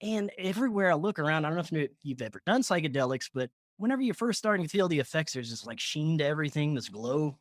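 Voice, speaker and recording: A man guest on a podcast, telling a personal story in a casual, animated way, laughing often and filling with "like". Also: on the high side, fast, hardly any pauses, no room sound, studio quality.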